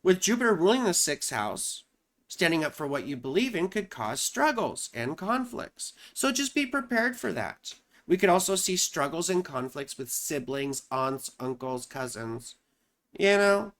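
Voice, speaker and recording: A woman's voice: deep voice, big pitch swings, a little slow. A woman astrologer explaining horoscopes in a loose, chatty way, often saying "you know" and "right?".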